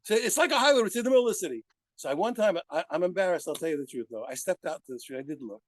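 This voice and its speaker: A man teaching a lively Talmud class to students, talking emphatically and firing off rhetorical questions. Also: on the high side, very fast, no echo.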